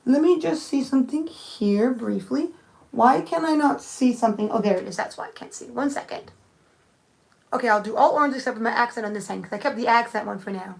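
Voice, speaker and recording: A woman's voice: a little high, fairly quick, gravelly, a little mellow. A young woman thinking aloud in a rambling, casual live-stream chat, answering viewers with many restarts. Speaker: nail art streamer.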